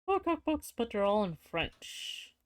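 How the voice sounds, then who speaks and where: Streamer, casual game commentary, reads on-screen text aloud, mid pitch, dry close sound. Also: very animated, a little slow, dry recording.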